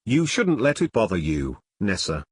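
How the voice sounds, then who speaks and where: A man's voice: lowish voice, wildly swooping pitch, moderate pace, slightly rough, no echo, studio quality, full character voice. A man reading the part of a bold young woman student who talks in a teasing, frank way. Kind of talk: audiobook character reading.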